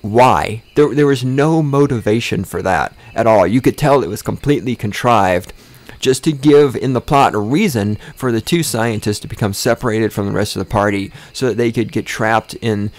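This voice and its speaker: In a lowish, slightly mellow voice at normal speed, this man hosts a podcast full of casual ranting, heavy swearing, and sarcasm, mocking people with exaggerated voices. He often repeats words and starts sentences over when he gets worked up.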